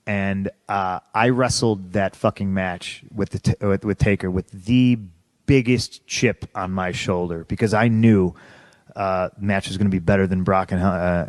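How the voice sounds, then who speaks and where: A man's voice: low-pitched, a little mellow, no echo. A man in an interview telling his story bluntly, swearing often and restarting his sentences. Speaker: interview guest. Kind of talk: candid conversational storytelling.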